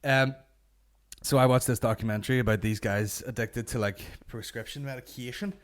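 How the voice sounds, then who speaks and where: A man's voice: medium pitch, fairly even intonation, normal speed. A man with a Northern Irish accent hosting a comedy podcast from his garage, rambling and swearing as he jokes. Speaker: podcast host. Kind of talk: crude comedy banter. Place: warm home garage.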